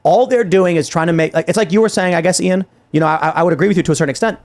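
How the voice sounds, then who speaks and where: Guy ranting on his podcast, kinda high voice, keeps restarting and quoting people. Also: racing. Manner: animated, exasperated, frequent restarts and quoted dialogue. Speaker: podcast host. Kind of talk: heated political commentary.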